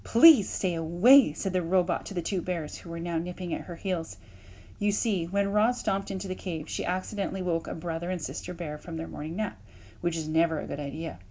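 Woman reading a children's storybook aloud. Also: on the low side. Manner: expressive, lively narration with voiced sound effects. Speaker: audiobook reader.

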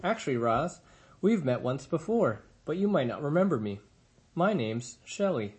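A man's voice: fairly high pitch, big pitch swings, moderate pace, darkish tone. A man voicing a big, chatty female otter in a storybook reading, cheerful and talkative.

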